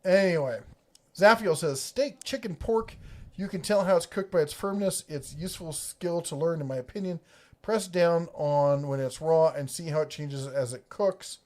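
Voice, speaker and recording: A man's voice: a little high, normal speed. A middle-aged man from the Ohio and Kentucky area hosts a casual livestream, reading viewer comments in a rambling, jokey way that keeps breaking off mid-sentence. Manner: rambling, self-interrupting, jokey. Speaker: host of a tool livestream.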